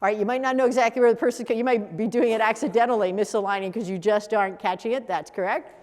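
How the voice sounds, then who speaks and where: Lively woman leading a coaching workshop. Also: a little high, quick pace, in a large hall. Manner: lively, laughs, repeats audience answers. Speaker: coach trainer. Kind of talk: workshop teaching.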